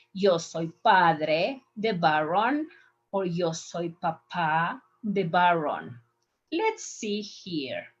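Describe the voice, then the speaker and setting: In a muffled recording, a medium-pitched female voice leads an online Spanish lesson with slides. Patient and repetitive, she says words again and again for students to practice.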